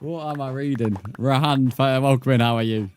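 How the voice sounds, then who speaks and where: A man's voice: mid-range voice, steady tone, moderate pace, background noise. A young man streaming a game live, bantering with his chat, swearing and laughing often. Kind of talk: casual live-stream chat while gaming.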